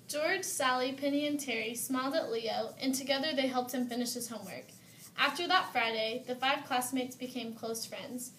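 A woman reads a children's picture story aloud, her voice a little high and steady. The room is echoey, with faint hiss underneath. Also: moderate pace, distant mic.

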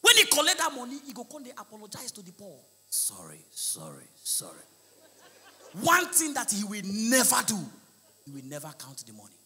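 A Nigerian man with a Nigerian accent doing live stand-up comedy, shouting his punchlines and slipping into Pidgin. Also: very high-pitched, sing-song, fast talker, in a large hall. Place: large live comedy venue with audience.

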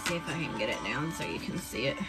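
A woman chatting casually on a live stream, showing off her craft supplies in a drawn-out, enthusiastic way. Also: very deep voice, expressive, loud music behind the voice, poor audio.

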